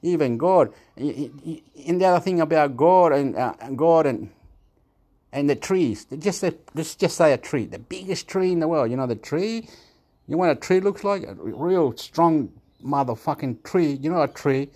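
A man's voice: on the high side, expressive, moderate pace, darkish tone. A man, rambling through a casual monologue for his own video channel. He laughs often, swears and jumps from topic to topic. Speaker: vlogger.

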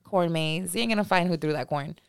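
A woman's voice: fairly low pitch, brisk, gravelly, smooth. A woman co-hosting a podcast in casual chat, laughing often and swearing freely. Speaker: podcast co-host.

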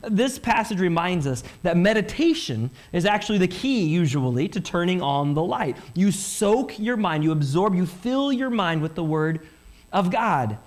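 A man preaching a Sunday sermon as pastor, animated, asking rhetorical questions and voicing listeners' thoughts. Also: high-pitched, moderate pace.

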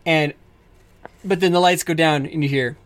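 A woman narrating as game master with a strained voice, animated and prone to shouted character voices. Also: low-pitched, moderate pace. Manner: animated, bursts into shouted announcer and wrestler voices.

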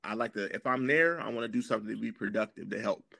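A man talking as a podcast guest, telling a story in a casual, slangy, animated way and clearing his throat now and then. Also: fairly low pitch, quick pace, dry recording.

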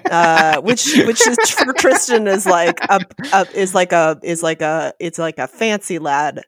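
Wry low-voiced woman co-host. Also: measured pace, no room sound, clean studio sound. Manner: wry, joking asides. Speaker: podcast co-host. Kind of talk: casual literary discussion.

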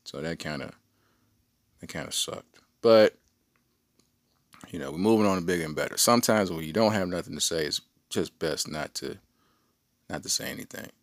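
A man's voice: sits low, moderate pace, pauses often, no echo, studio quality. A middle-aged man hosting a podcast, telling a rambling story in a casual, slangy way. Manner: animated, rambling, with slangy asides. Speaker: podcast host.

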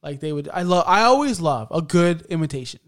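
A man co-hosting a wrestling podcast, animated and joking in casual chat. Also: fairly high pitch, brisk. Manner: animated, joking, talks over his co-host. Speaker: podcast co-host.

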